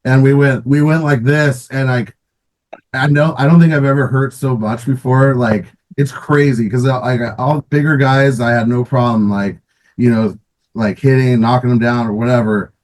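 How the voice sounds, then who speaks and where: A man's voice: medium pitch, fairly even intonation, moderate pace, a little mellow, rough recording. A middle-aged man, a former pro hockey player, casually telling stories in an interview with many restarts and fillers, often laughing.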